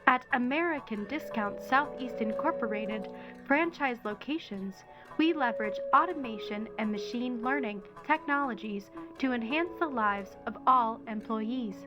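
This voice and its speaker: A smooth, even corporate phone recording, voiced by a woman for a video game, sitting a little high in pitch. It is heard with game music playing behind it. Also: normal speed, lo-fi sound, lightly acted. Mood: promotional. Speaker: automated corporate phone message.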